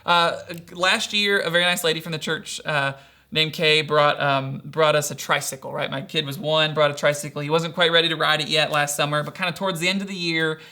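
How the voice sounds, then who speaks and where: A pastor delivers an earnest, conversational sermon in a voice on the high side, brisk, pushed and bright, with fairly even intonation. He often poses rhetorical questions and drops casual fillers like "kinda" and "right?".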